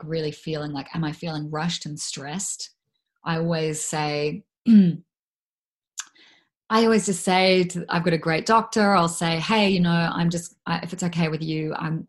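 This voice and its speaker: Low-voiced woman talking frankly. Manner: frank, reflective, many fillers and self-corrections. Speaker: guest. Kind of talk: candid conversational interview.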